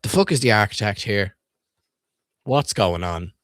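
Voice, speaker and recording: Lively foul-mouthed man riffing on books. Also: fairly low pitch, measured pace, dry recording, studio quality. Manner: profane, irreverent and jokey; asks the viewers questions. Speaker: streamer reviewing children's books. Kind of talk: casual comedic commentary reading aloud.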